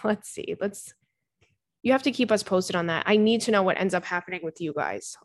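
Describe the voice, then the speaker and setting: A woman's voice: on the low side, animated, fairly quick. A young woman hosting a podcast from her home, chatting frankly and casually about dating, swearing freely and calling her listeners "girl.". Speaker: podcast host. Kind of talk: casual advice chat reading listener messages. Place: home bedroom with cats.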